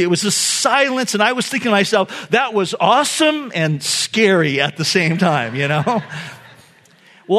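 A middle-aged pastor giving a sermon, telling a family story in a loose, conversational way with fillers and laughs. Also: male voice, high voice, fairly bright tone. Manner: conversational, many fillers, laughs at own stories.

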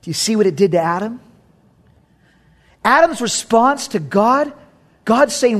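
A man's voice: very high voice, expressive, normal speed. A man pastor preaching a sermon, reading scripture and joking, with sudden dramatic swings in his delivery.

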